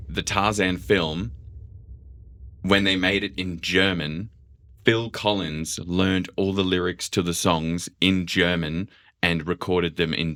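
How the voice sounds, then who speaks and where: A young man co-hosting a podcast, chatting casually in an animated, jokey way and swearing freely. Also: sits low. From Australia. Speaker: podcast co-host. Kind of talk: casual chat.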